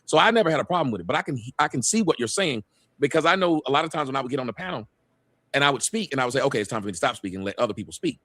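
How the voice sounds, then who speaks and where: A man talking fast on a casual panel show, arguing his side with a lot of swearing. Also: medium pitch, lively intonation, fairly bright tone, no room sound.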